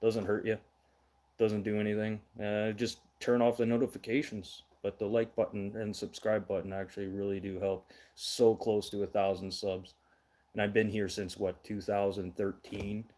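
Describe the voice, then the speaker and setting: A man's voice: on the low side, flat delivery, normal speed, darkish tone. A middle-aged man from Manitoba, hosting a casual livestream news show, blunt and ranting, swearing now and then. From Manitoba, Canada.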